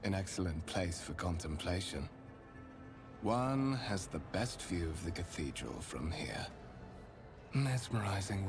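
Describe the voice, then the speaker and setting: An actor playing a refined male spymaster of a noble house, measured and formal, with music behind. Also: low-pitched, exaggerated voice. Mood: contemplative. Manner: measured, formal, courtly delivery.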